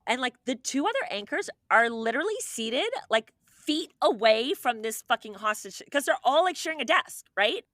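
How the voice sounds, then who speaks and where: A young adult woman co-hosting a podcast, recounting a true story in casual chat, animated and profane, peppered with "like" and acting out quoted people. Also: fairly high pitch, normal speed, few pauses, no room sound, clean studio sound. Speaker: podcast co-host.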